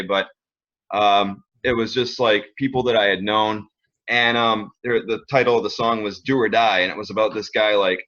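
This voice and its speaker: A young man speaking as an interview guest, earnest and a little rambling, with plenty of fillers. His voice is bright and forward, and the recording sounds dull and lo-fi. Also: medium pitch. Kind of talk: casual interview chat.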